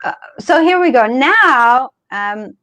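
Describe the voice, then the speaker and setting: A woman hosting an interview, asking questions in a halting, filler-heavy way and encouraging her guest. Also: high-pitched, animated, a bit bright. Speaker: interview host. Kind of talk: casual interview.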